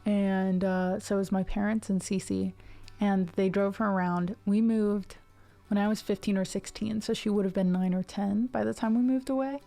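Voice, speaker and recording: A woman's voice: medium pitch, fairly even intonation, moderate pace, creaky, dark tone. A woman in her twenties with a neutral American accent, chatting to a live stream audience in a rambling way, full of tangents and fillers. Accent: neutral General American. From Ohio, USA. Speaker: music streamer. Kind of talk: casual chat to a live stream.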